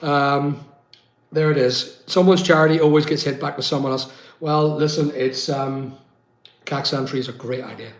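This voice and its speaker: A man's voice: on the high side, steady tone, normal speed. Rambling chatty man, echoey room. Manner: rambling, reads viewer comments aloud. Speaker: live-stream host. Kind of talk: casual live-stream chat.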